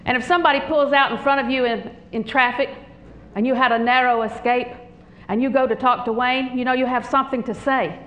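An older woman preaching a sermon, animated and humorous, telling stories with frequent laughter. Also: sits high, fairly quick, reverberant, highs cut off.

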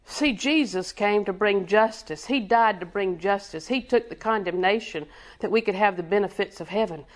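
A woman's voice: medium pitch, normal speed. A woman preaching a sermon with rhythmic repetition, quizzing her congregation and chuckling between points.

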